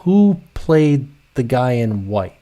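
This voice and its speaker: A man's voice: medium pitch, sing-song, slow, mellow. A man co-hosting a casual live stream, playful and rambling, thinking aloud as he talks.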